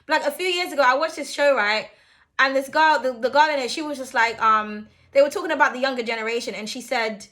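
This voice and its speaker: A woman's voice: sits high, lively intonation, fast, pushed and bright. A young woman giving a casual tarot reading, chatty and blunt, swearing and laughing freely as she talks. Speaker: tarot reader.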